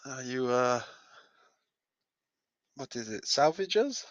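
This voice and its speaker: A man's voice: medium pitch, animated, takes it slowly, dry recording. A male player in a tabletop game who speaks hesitantly and fills gaps with many "uh"s. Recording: dull dry lo-fi audio.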